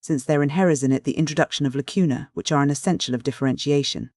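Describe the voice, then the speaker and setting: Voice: medium pitch, fast talker, darkish tone, no echo, clean studio sound, natural voice. A reader voicing a frail old professor who speaks in a sneering, pedantic way.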